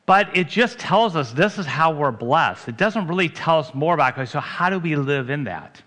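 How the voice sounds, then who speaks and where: A man's voice: fairly high pitch, expressive, moderate pace, fairly bright tone. A man, a pastor, preaching a sermon in a conversational way, asking his congregation questions.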